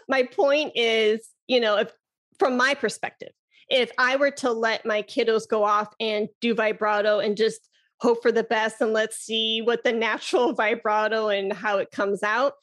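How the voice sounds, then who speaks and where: A woman flute teacher, a guest in a casual interview, who talks with enthusiasm, laughs easily and demonstrates breathy "ha" sounds. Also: on the high side, level tone, a little slow, fairly bright tone.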